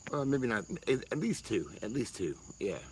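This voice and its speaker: A man's voice: mid-range voice, sing-song, normal speed, heavy background noise. A man, rambling casually and swearing freely on a livestream while answering chat. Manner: rambling, profane, laid-back.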